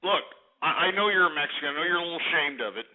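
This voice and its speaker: High-voiced mocking radio host. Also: male voice, racing. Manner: loud, mocking, stammering repeats. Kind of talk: call-in radio banter. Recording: tinny phone-like radio audio.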